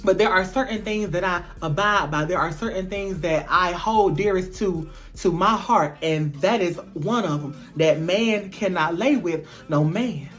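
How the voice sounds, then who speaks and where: A woman's voice: lowish voice, measured pace, hardly any pauses, faint music behind, natural voice. A woman voicing her older mother, tearful and pleading one moment, firm and preachy about faith the next.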